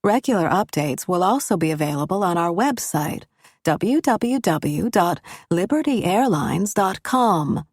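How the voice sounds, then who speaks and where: A woman's voice: lowish voice, animated, unhurried, a little mellow, slightly rough, no echo, clean studio sound. A woman voicing a female airline representative who speaks in a carefully neutral, businesslike, scripted tone. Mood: formal, neutral.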